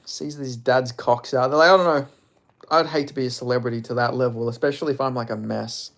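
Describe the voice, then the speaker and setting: A man's voice: medium pitch, steady tone, quick pace, creaky, fairly bright tone. A young man, chatting casually and crudely on a live stream, rambling with lots of fillers.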